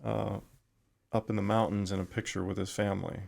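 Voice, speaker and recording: This is a middle-aged man, a retired firefighter guesting on a podcast, whose deep, very gravelly voice holds a steady, even tone. His talk is reflective and halting. He keeps pausing and starting sentences over while his low pitch hardly varies.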